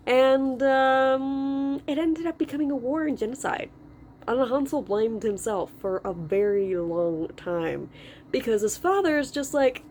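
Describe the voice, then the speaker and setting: A woman's voice: high voice, unhurried, a little mellow, a little hiss or hum. A woman telling a character's backstory in a casual, rambling chat. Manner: rambling, lots of fillers and restarts. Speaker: video creator discussing a character.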